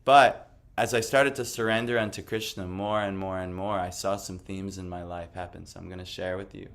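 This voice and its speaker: A man with a fairly low voice tells a personal story in a loose, conversational way. He rambles with many fillers and restarts and sounds quietly amused at himself. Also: fairly even intonation, moderate pace, creaky. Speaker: devotional speaker. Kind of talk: casual personal testimony talk.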